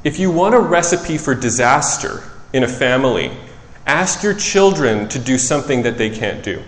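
A man preaching a sermon in a relaxed, conversational way, who often corrects himself and tells stories from his work as a child psychologist. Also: medium pitch, normal speed. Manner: conversational, self-correcting, animated storytelling. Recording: echoey hall with long reverb.

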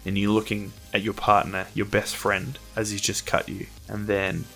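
Game master with a deep voice, steady and vivid narrator, casual delivery. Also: male voice, normal speed, vocal fry, soft background music.

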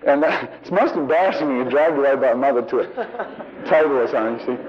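A man's voice: medium pitch, fast, a crowd in the background. A male preacher giving a sermon to a congregation in a church building, emphatic and repeating his key phrases, on a muffled 1970s recording.

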